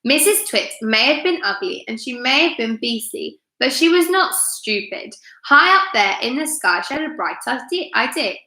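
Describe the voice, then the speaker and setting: A woman teacher reading a storybook aloud, expressive and chatty. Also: a little high, normal speed, hardly any pauses. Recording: roomy echo.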